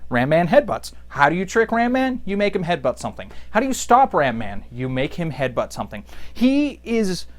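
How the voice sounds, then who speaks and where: A man's voice: on the high side, big pitch swings, moderate pace. A young man comically recapping a comic book, sarcastic and rambling, slipping into goofy voices for the characters. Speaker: podcast host recapping a comic. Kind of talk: comedic recap with acted-out voices.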